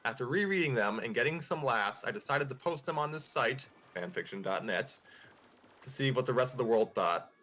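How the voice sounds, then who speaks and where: A man's voice: mid-range voice, animated, a little fast, pushed and bright, a little hiss or hum. A man hosting a show, casually reading a fan-fiction story aloud and chuckling at the text now and then. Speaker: host and narrator.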